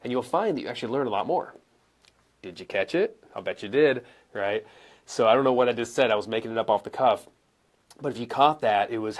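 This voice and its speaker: Man, young adult, live coaching, conversational, demonstrates with pauses and stressed words. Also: mid-range voice. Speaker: coach and speaker answering viewer questions. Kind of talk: live-streamed teaching. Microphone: camera mic, moves around and sits back down.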